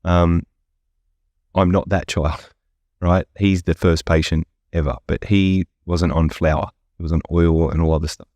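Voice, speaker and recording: Guy, very low voice, dry close sound, candid and foul-mouthed podcast guest. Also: steady tone, measured pace, darkish tone, dry recording. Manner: blunt, profane, candid storytelling. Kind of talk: casual podcast interview.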